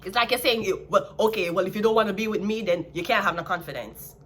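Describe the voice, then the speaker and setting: A Jamaican woman in a casual tarot reading, talking in a blunt, sassy way with an average-pitched voice. A faint hum of ambience sits behind her. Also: quick pace, fairly bright tone. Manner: blunt, sassy, laughs at her own jabs. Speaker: tarot reader.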